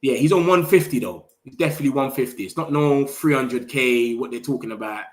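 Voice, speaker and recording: A young man hosting a casual live stream, chatting excitedly and in slang straight to his viewers. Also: medium pitch, fairly quick. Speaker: football livestream host.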